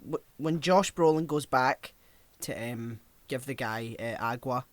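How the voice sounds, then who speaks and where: Man, podcast co-host, casual, mid-pitched voice, leads the discussion. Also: unhurried, dry recording. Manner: conversational, steers topics, recounts scenes. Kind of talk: casual film chat.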